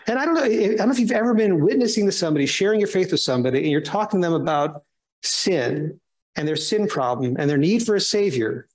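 A man's voice: high-pitched, fast, low-quality recording. A man teaching a Bible class, conversational, reading scripture aloud with emphasis and firing questions at his listeners. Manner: sarcastic asides, animated questioning.

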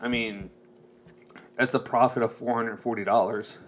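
A man's voice: medium pitch, fairly even intonation, normal speed, fairly bright tone, a little hiss or hum. A man co-hosting a podcast, chatting casually about football and fantasy league rules, laughing easily and rambling as he explains. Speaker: podcast co-host. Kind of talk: casual chat.

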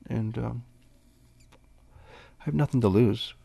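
A man's voice: mid-range voice, slow, gravelly, mellow, breathy edge. A man hosting a casual solo podcast, rambling in a laid-back way and swearing freely. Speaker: podcast host.

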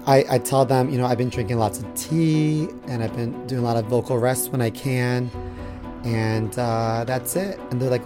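Hoarse man in his thirties. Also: mid-range voice, fairly even intonation, moderate pace, over music. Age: 30s. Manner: campy, joking storyteller. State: hoarse, lost voice. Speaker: podcast co-host. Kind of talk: casual comedic chat.

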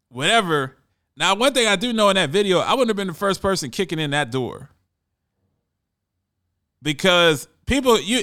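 Male podcast talker, bright and lively tone, loose and rambling delivery. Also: high-pitched, clean tone. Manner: animated, conversational, trails off and repeats words. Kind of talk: casual monologue.

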